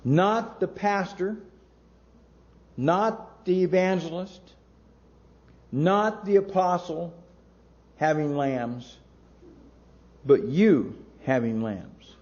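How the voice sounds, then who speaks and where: Male pastor, sermon delivery, slow and emphatic, mellow tone, lo-fi sound. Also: fairly high pitch. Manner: slow, emphatic preaching with long pauses between words.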